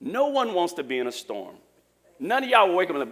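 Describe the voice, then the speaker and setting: Male preacher, higher voice, animated and joking with the church. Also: a little fast. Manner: lively, joking preacher talking to the congregation. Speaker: pastor. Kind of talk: sermon.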